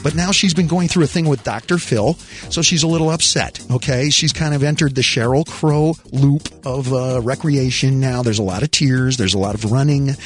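A man hosting a talk radio show, wisecracking and animated with rhetorical questions. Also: medium pitch, normal speed.

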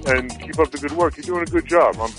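A man's voice: fairly high pitch, fast talker, fairly bright tone, faint music behind. Easygoing male radio caller. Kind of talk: phone-in chat.

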